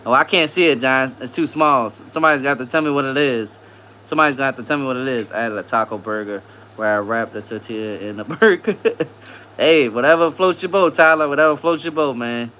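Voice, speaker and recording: A man hosting a casual live stream, reading viewer comments aloud, greeting people by name and repeating phrases in a relaxed way. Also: mid-range voice, quick pace, slight background noise.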